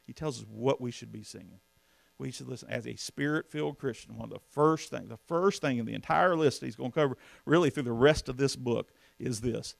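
Folksy preacher, gravelly voice. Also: male voice, mid-range voice, a little fast, no echo. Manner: folksy, emphatic preaching with rhetorical questions to the congregation. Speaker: pastor. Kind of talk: sermon.

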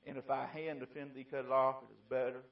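A man preaching a fiery sermon, moving between quiet pleading and loud shouting. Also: mid-range voice, flat delivery, fast, vocal fry. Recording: distant, dull lo-fi mic.

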